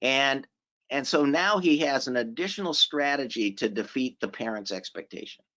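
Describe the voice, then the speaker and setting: Guy lecturing casually at a seminar, keeps repeating stuff for emphasis, middle pitch, kinda muffled audio. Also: animated, moderate pace, pushed and bright. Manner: informal, repeats phrases for emphasis, asks the audience questions. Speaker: seminar presenter. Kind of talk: conversational lecture. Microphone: remote conference audio. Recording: slightly dull audio from a virtual conference.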